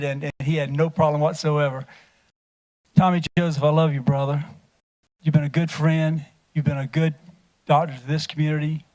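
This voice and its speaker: Man, slightly high voice, folksy joking storyteller at a council meeting. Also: darkish tone. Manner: folksy, jokey storytelling, laughing often. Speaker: council member. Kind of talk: anecdotal tribute speech. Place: council chamber.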